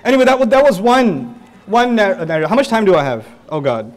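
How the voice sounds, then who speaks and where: Animated high-voiced male lecturer. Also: fast. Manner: animated, joking, laughs often. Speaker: Islamic lecturer. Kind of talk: storytelling religious lecture.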